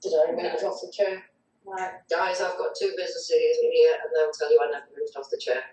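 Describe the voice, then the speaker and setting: A woman's voice: on the low side, fairly even intonation, moderate pace, dark tone, reverberant, far from the mic, poor audio. A woman spirit medium, shaken, reading viewer comments aloud on a live online show. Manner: shaky, reads chat comments aloud.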